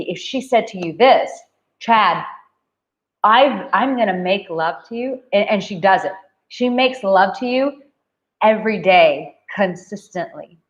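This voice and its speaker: A woman's voice: medium pitch, muffled recording. Passionate, blunt woman dating coach. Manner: passionate, emphatic, blunt and profane. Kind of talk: live Q&A to viewers.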